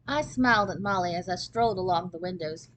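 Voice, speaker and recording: A woman's voice: lowish voice, brisk, poor audio. Woman reading a children's novel aloud. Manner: steady, expressive first-person narration. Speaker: storybook reader.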